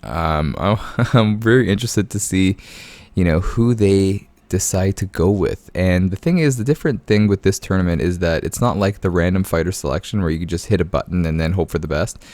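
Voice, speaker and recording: A man with a deep, slightly mellow voice talks briskly, with no room sound. Late at night at home, he hosts his gaming channel, keeping his voice low so the house won't wake, and chuckles easily through casual commentary and stories, often saying "man."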